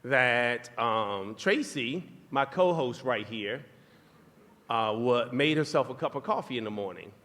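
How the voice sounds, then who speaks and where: A man co-hosting a live podcast, telling a relationship story to an audience in a playful, animated way. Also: medium pitch, unhurried. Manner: animated, playful storytelling with self-mocking asides. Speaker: podcast co-host. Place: live show venue in a large hall. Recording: live hall recording with long reverb.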